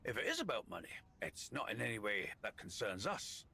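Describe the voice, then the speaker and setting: A man's voice: fairly low pitch, very animated, fairly quick, vocal fry, bright, forceful tone, slightly rough, heavily acted. An actor voicing a guarded, earnest man in a video game. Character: guarded regular man talking about a phone line.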